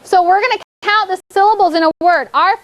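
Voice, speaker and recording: A woman's voice: very high-pitched, brisk, fairly bright tone. A woman teaching a spelling lesson to a class of children, checking in often with "okay?" and giving step-by-step directions. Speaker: elementary school teacher.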